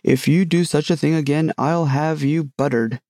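A man's voice: fairly high pitch, normal speed, mellow, no room sound, clean studio sound, lightly acted. A man voicing a fussy, flustered old king in a storybook reading. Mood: indignant.

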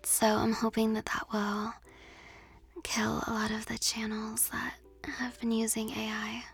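A woman's voice: fairly high pitch, monotone, a little slow, creaky, slightly rough, faint music behind. A young woman hosting an ASMR channel, rambling and giggling in a whispered ASMR chat with frequent ums, close to the mic.

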